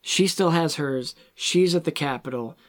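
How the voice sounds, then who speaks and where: A man's voice: a little high, unhurried. A man in casual chat about a film, retelling scenes animatedly and acting out the characters' lines. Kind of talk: casual movie discussion.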